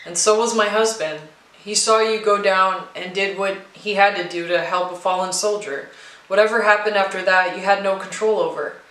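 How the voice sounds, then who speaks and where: A woman voicing a widowed mother in a storybook reading. She speaks in a gentle but pressing, welcoming way. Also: mid-range voice, steady tone, normal speed, roomy sound, lightly acted, poor audio. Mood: coaxing. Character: warm, insistent widowed mother.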